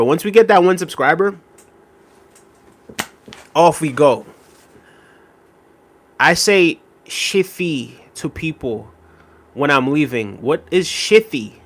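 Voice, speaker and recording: Man, young adult, live-stream host, casual chat, rambling, mid pitch. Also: a bit bright. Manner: rambling and conversational, many fillers, reacting to chat. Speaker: livestream host.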